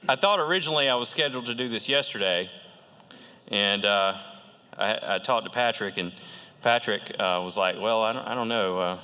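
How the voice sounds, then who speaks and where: A man with a Southern accent and a deep baritone giving a farewell speech, with a dry, wry humor. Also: moderate pace, pushed and bright, smooth. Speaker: departing state representative. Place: state house chamber. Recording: long reverb of a legislative chamber.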